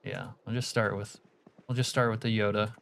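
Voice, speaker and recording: He's a man with a lowish, slightly bright voice, speaking at a moderate pace and level tone during a live game stream. Between reading his chat's messages aloud and casual banter with viewers, he mutters about the game, over a faint hiss or hum.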